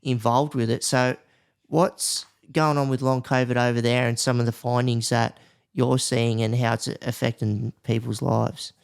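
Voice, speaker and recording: A podcast host talks in an easygoing, chatty way. His voice is mid-pitched and full of gravelly fry. He asks his questions loosely, like talking to a mate. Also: flat delivery, a little slow. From Australia. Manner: friendly, loose questions with laughs. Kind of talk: casual interview.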